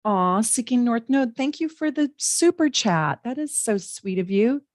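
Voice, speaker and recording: A woman's voice: fairly high pitch, animated, a little slow, dry recording, clean studio sound. A middle-aged woman hosting a casual live tarot and astrology reading from home, talking chattily to her viewers with plenty of fillers. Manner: chatty, warm asides to viewers, frequent fillers. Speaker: astrologer and tarot reader, livestream host.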